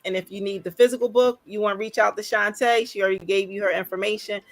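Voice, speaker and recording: A woman hosting a casual livestream, upbeat and animated, repeating phrases for emphasis. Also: medium pitch, no echo. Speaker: livestream host.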